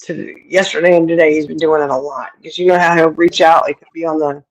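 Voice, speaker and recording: A woman's voice: deep voice, fairly even intonation, fast, poor audio. A middle-aged woman hosting a livestream, chatting casually and laughing often as she answers viewers. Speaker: livestream host. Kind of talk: casual chat. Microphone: streaming setup.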